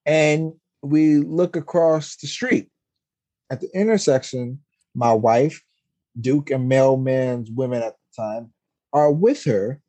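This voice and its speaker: A man telling a wild story on a podcast in casual chat, profane and animated, his voice jumping high when he quotes people. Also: slow. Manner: animated, jumps to high-pitched outbursts when quoting. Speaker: podcast host.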